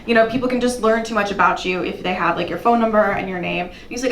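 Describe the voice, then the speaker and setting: A young woman performing a stand-up comedy set with animated storytelling, her voice shooting up into rants. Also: fast, few pauses, reverberant, recorded from a distance, a little hiss or hum. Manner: animated storytelling, jumps high when ranting. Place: comedy club stage. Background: audience laughter.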